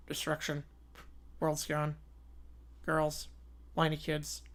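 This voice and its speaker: Two snickering teenage boys making a prank call, put on by a man, low and quiet in tone. They cackle between clipped, gleeful lines. The voice is dopey and mischievous. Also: monotone, extremely slow, heavily acted. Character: snickering dim teen boys pulling prank calls.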